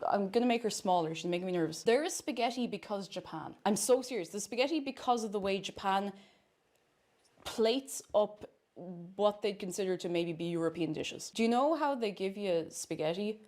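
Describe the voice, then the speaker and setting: A woman's voice: mid-range voice, moderate pace, a little mellow. A woman streamer chatting casually and playfully while she cooks, rambling from one thought to the next. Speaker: cooking streamer.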